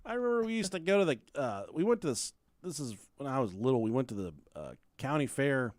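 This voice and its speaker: A man's voice: mid-range voice, big pitch swings, fast talker, dry recording, clean studio sound. A man co-hosting a podcast, telling a crude childhood story in a rambling, casual way and laughing as he goes. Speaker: podcast co-host.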